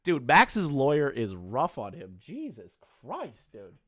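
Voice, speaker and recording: A man streaming, giving reaction commentary while laughing hysterically, his voice breaking up high. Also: big pitch swings, a little slow, a bit bright, dry recording, clean studio sound.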